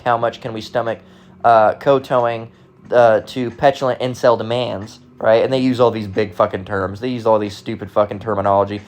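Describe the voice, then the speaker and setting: An American vlogger rants casually, sounding heated, profane and sarcastic, and he often restarts his sentences. His voice sits on the low side, with a level tone and a fairly quick pace.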